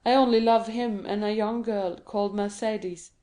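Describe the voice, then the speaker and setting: A desperate young male prisoner pleads with quiet, earnest urgency, read by a woman. The voice sits at a middle pitch with a dark, mellow tone. It is a storybook reading with no showy character work. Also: fairly even intonation, moderate pace, close to an everyday voice. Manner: earnest, imploring.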